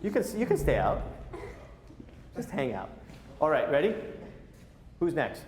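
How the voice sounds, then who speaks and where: A man's voice: on the high side, a little slow, a little hiss or hum. A man teaching a clarinet masterclass, coaching the players with jokes and counting them in. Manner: animated, joking, coaching with counts. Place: large recital hall. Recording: roomy hall sound, faint ambience.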